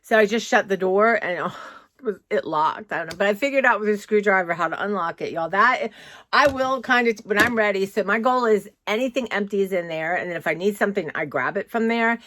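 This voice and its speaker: A woman's voice: medium pitch, brisk, a bit bright. Chatty woman with faint background hiss. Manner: chatty, rambling, says "y'all" often. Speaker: vlogger. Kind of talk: casual chat. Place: home, indoors.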